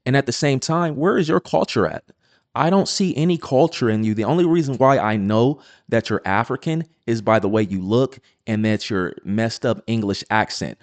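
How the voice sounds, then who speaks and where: A man's voice: medium pitch, moderate pace, dry recording. A man giving combative, insistent reaction commentary on a clip.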